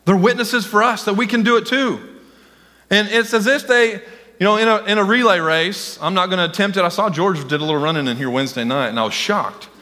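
A man preaching a sermon as senior pastor, excitable and speaking directly to his congregation. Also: high voice, fairly quick, big-room sound. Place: church sanctuary.

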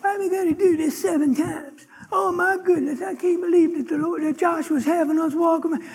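A man's voice: very high-pitched, steady tone, brisk, darkish tone. A man acting out a grumbling male marcher who gripes incredulously about the orders he has been given. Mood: griping. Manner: whiny, incredulous griping. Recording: long reverb of a large hall.

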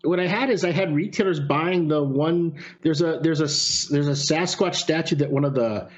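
A man telling a story in casual chat, animated, with some swearing. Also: fairly high pitch, normal speed. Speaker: podcast guest. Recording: lo-fi sound.

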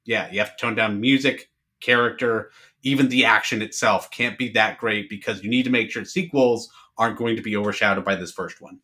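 A man's voice: on the low side, steady tone, brisk, bright, forceful tone. A man in a casual movie discussion, explaining his view in an earnest, thoughtful way.

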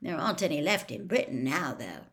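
A woman's voice: deep voice, big pitch swings, brisk. A woman voicing an earnest teenage wizard boy who hesitates and stumbles for words. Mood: uneasy.

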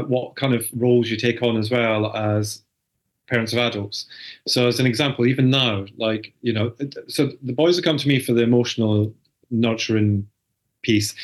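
A man's voice: medium pitch, fairly even intonation, normal speed. Chatty middle-aged man. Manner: chatty storyteller, acts out family dialogue. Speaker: podcast guest, spouse of a host. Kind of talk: casual chat.

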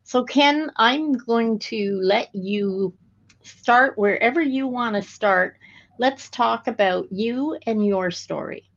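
Female podcast host, slow and measured delivery, slightly muffled recording. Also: a little high. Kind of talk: interview intro. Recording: slightly dull audio.

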